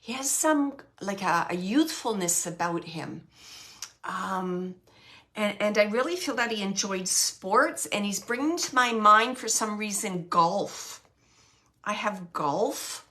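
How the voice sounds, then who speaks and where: Slow, bright-voiced woman medium. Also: mid-range voice, animated. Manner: earnest, emotional, laughs often, soft and hushed at times. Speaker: psychic medium. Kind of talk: live spirit reading for a sitter.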